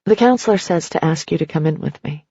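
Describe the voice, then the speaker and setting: A woman reading the lines of Teddy, a sad, withdrawn partner, in a quiet, subdued way. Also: low-pitched, expressive, fast, husky, dry recording, lo-fi sound, heavily acted.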